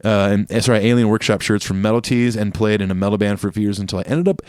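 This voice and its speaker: A man's voice: lowish voice, very fast, darkish tone, clear, resonant tone, no room sound, clean studio sound. A man co-hosting a podcast in casual chat, reading listener emails aloud with easy laughs. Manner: laughing, slips into a jokey Australian put-on. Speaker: podcast co-host.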